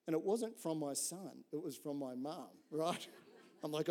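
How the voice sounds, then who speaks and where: A middle-aged man preaching a sermon in an animated, conversational way, telling a story and often checking in with "right?". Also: a little high, measured pace. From Australia. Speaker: pastor.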